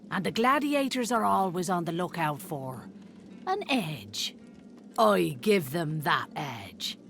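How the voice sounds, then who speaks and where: A sly herb dealer who drawls a sultry sales pitch in a video game. Her voice is low for a woman, slow and richly varied, with faint music behind. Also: fairly bright tone, full character voice.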